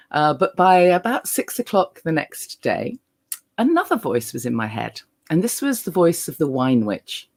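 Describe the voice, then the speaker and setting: A middle-aged woman giving a candid motivational stage talk, earnest, with frequent ums. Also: deep voice. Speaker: speaker and holistic living author.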